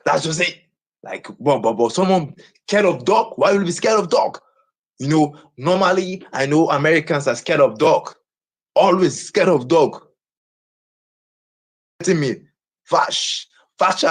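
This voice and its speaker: Man, live streamer, husky and boastful, very lively pitch, repeats every line. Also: a little slow, pauses often. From Nigeria. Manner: boastful, repeats himself over and over.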